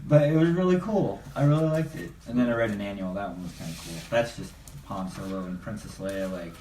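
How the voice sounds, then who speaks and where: A man's voice: lowish voice, brisk, warm tone. A man co-hosting a podcast, chatting eagerly about comics in a rambling way with frequent laughs. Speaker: podcast co-host. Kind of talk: casual chat about comics. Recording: roomy, distant mic, faint noise.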